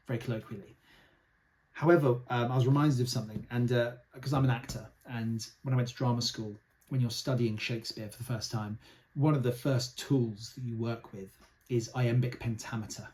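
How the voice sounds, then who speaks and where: A young man talks through a book he loved in a relaxed, reflective way. His voice sits at an ordinary middle pitch, and he often pauses with ums and uhs as he gathers his thoughts. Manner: thoughtful, soft-spoken, many fillers. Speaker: book reviewer; actor. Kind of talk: casual book review.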